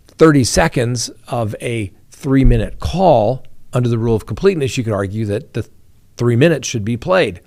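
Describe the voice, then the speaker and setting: A man's voice: mid-range voice, a little mellow. A man hosting a crime news show, explaining courtroom rules and reading out trial testimony to his viewers. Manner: explanatory, addresses viewers directly. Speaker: host. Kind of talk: legal commentary on a trial.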